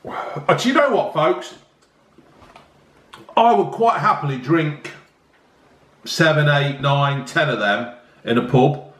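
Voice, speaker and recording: With a fairly high, fairly bright voice, this man speaks slowly and animatedly, pausing often. He's a bit tipsy while hosting a casual drinks review vlog, rambling and joking throughout, and the recording has a roomy echo.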